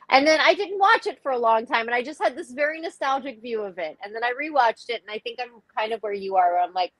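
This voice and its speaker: A woman talks playfully in a casual video-call chat, often acting out her own reactions. Her voice sits a little high and sounds close and dry. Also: brisk, a bit bright, no room sound, low-quality recording. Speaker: panelist.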